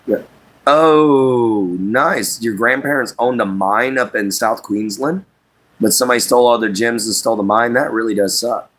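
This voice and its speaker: Man, bright tense voice, folksy rambling chat, laughs a lot, livestream host. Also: medium pitch, steady tone, brisk. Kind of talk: casual chat.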